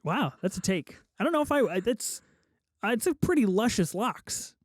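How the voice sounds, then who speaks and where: A man's voice: high-pitched, very animated, moderate pace, no room sound, clean studio sound. A man hosting a podcast in casual chat, steering the discussion and swearing casually. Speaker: podcast host.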